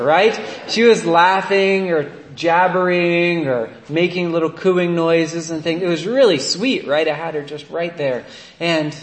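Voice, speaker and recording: A man in his thirties preaches in a friendly, storytelling way, often tossing in "right?" to pull his listeners along. His voice sits a little high for a man. The sound carries a clear echo from the room around him. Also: fairly bright tone. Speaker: priest. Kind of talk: conversational sermon.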